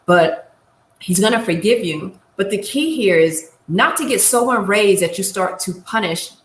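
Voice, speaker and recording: A woman's voice: fairly low pitch, a bit bright, reverberant, a little hiss or hum. A woman giving a casual Bible lesson, speaking directly and encouragingly to her listeners. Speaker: Bible teacher.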